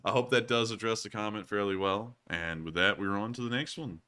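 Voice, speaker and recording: On a relaxed livestream, this jokey twentysomething co-host of a war news show fields super chats from viewers in a Southern US accent. His voice is on the low side with a clean tone, and he gets excited and laughs a lot.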